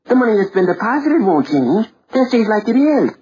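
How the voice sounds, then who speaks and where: A man's voice: high voice, big pitch swings, a little fast, darkish tone. An actor playing an eager, persistent teenage boy who wheedles and insists in long elaborate phrases, in 1940s radio acting. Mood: insistent. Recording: dull lo-fi old radio recording with faint hiss.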